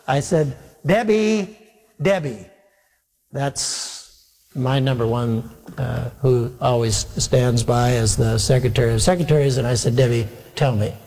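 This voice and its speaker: A man preaching as a pastor, telling a comic story against himself and acting out each exchange. His voice sits a little high for a man. The sound carries the long reverb of a large hall. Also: darkish tone. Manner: humorous, self-mocking anecdote with acted dialogue. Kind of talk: sermon storytelling.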